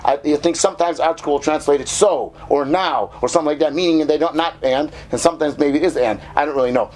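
Man, Torah teacher, slightly high voice, keeps asking "right?", stretches Hebrew words. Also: quick pace, darkish tone. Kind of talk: casual Torah class.

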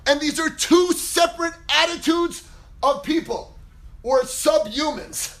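A man teaching a Torah class as a rabbi, acting out quotes dramatically with big swings in pitch and volume. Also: lively intonation, a little slow, a bit bright. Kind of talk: animated Torah lecture.

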